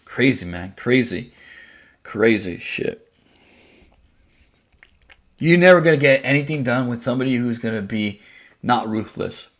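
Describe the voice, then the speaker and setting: A man rants in a gravelly voice, blunt and full of swearing. He hammers his points home by repeating them, in a plain, mid-pitched voice with a rough edge. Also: expressive, unhurried, pauses often. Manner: blunt, profane, heated; repetitive, emphatic. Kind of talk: casual rant to the camera.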